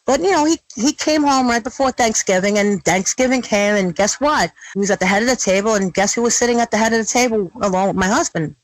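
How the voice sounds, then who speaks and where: A middle-aged woman telling her story in an interview, blunt and animated, swearing freely. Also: on the high side, quick pace, hardly any pauses, no room sound, rough recording. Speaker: guest.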